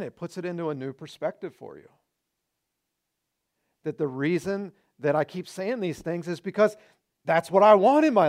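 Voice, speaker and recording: High-voiced preacher, earnest and exhorting. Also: male voice. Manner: earnest, exhorting, punches short repeated phrases. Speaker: pastor. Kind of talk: sermon.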